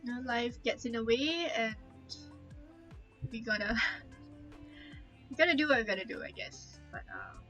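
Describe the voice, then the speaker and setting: A woman's voice: on the high side, animated, moderate pace, a bit bright, faint music behind, low-quality recording. A young woman streamer chatting candidly and openly, holding back tears, trailing off often with fillers. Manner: open, heartfelt, trailing off with many fillers. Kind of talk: candid casual chat.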